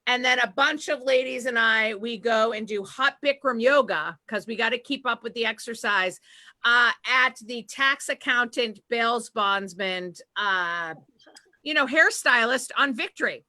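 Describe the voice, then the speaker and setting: A woman's voice: a little high, unhurried, bright, forceful tone. A woman from Massachusetts doing a chatty stand-up comedy set on a live stream, full of fillers and asides. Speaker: stand-up comedian and show host.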